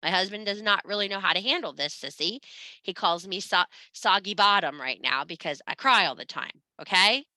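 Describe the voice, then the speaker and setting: A woman with an animated, sharp, medium-pitched voice teaches a spiritual class at normal speed, recorded with no room sound. Blunt and profane, she scolds and urges her students in a motivational talk.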